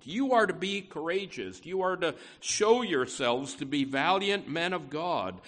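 A male pastor preaching with a lively, swooping pitch and an unhurried pace, leaning on emphatic repeats and slowing down to read Scripture aloud. His voice sits a little high for a man. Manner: lively preaching with frequent "you know" fillers and emphatic repeats; slows and swells when reading Scripture aloud. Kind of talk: sermon.

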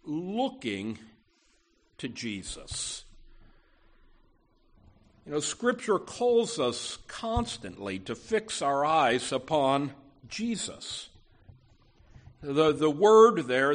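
A man preaching a sermon as pastor, earnest and emphatic, with frequent "you know" asides and repeated words. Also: fairly high pitch.

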